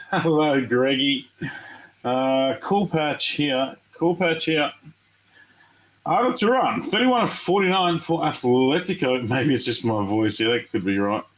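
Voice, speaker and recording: Aussie guy opening cards on a live stream, chatty and excited, middle pitch. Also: takes it slowly, rough recording. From Australia. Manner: chatty, excitable, talks to viewers. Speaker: card break host. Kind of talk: casual live-stream commentary.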